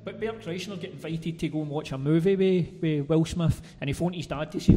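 Male podcast host, slightly high voice, relaxed and joking; room reverb. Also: a little fast. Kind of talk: casual podcast chat.

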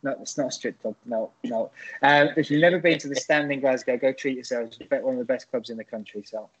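A man's voice: mid-range voice, fairly quick, dull audio. A man, a stand-up comedian, chatting as a podcast guest and rambling through stories with many restarts. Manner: rambling storyteller, frequent restarts. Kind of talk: casual podcast chat.

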